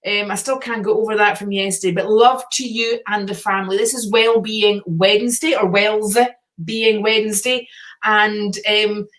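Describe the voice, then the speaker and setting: A woman's voice: mid-range voice, fairly even intonation, normal speed, a bit bright. A middle-aged woman hosting a casual live stream, reading out viewer comments, chatty and encouraging and swearing casually.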